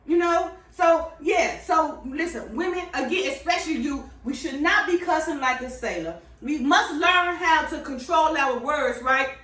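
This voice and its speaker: Very high-voiced woman preaching in a roomy space. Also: expressive, a little slow, hardly any pauses, fairly bright tone. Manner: emphatic and preachy, tags nearly every point with "right?". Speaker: Bible-based life advice speaker. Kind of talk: casual sermon-style monologue. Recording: roomy sound, far from the mic.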